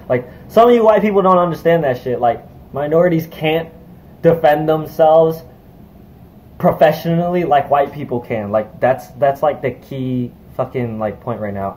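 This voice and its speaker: A young man tells a story in a casual vlog, heated and profane, with many fillers as he rushes through it. His pitch sits in the middle of the range. A faint hiss runs behind him. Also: darkish tone, low-quality recording. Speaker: vlogger.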